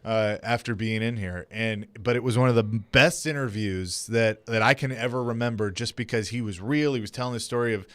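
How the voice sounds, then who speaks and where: A man's voice: fairly low pitch, brisk, few pauses, clean tone, no room sound. A man co-hosting a radio show, telling a wrestling story in casual chat and acting out the quotes. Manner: animated storyteller, acts out quotes. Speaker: radio co-host and producer. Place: radio studio.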